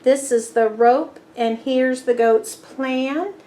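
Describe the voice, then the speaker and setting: A woman reading a picture book aloud to young children, pausing to ask which words rhyme and praising answers. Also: high-pitched, fairly even intonation, mellow, slight background noise. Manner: patient, praising, asks questions. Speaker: storybook reader. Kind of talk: children's read-aloud with rhyming quiz.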